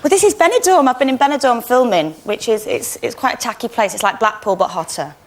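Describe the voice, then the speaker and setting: A young English woman chatting as a guest on a chat show, giggly and warm. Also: fairly high pitch, fast talker. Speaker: actress guest.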